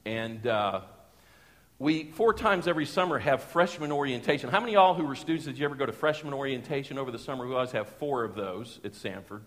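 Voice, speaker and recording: A middle-aged man, preaching a sermon as a pastor and telling a personal story in a lively, folksy way with chuckles. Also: mid-range voice, fast. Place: church sanctuary. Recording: long church hall reverb.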